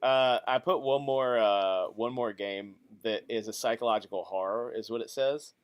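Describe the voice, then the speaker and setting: A man's voice: mid-range voice, moderate pace, clean tone. A man co-hosting a live stream, rambling loosely and filling his talk with "like" in casual chat. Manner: rambling, heavy use of "like". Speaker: podcast co-host.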